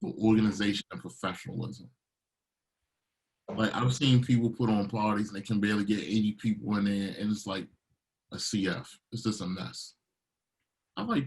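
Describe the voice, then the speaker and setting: Somewhat low-pitched and at normal speed, this middle-aged Baltimore DJ and producer comes through a rough recording. He talks casually in an interview, an animated storyteller who acts out quotes with plenty of energy.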